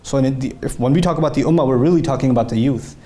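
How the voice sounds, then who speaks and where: A man's voice: mid-range voice, very fast, warm tone. A man answering interview questions, speaking earnestly and animatedly and telling stories with quoted dialogue.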